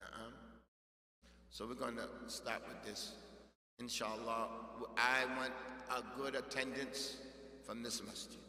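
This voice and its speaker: A man preaches in a mosque hall, his voice bright and forceful, ringing with a long echo. He swings from loud, emphatic exhortation down to quiet asides. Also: mid-range voice. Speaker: imam giving a Friday sermon. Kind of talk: sermon. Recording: echoey hall reverb.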